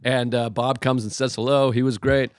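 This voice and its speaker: A man in his thirties, a comedian co-hosting a podcast, telling a lively anecdote in casual chat. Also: mid-range voice, moderate pace, dry recording, clean studio sound. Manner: lively anecdote-telling with acted-out crowd voices.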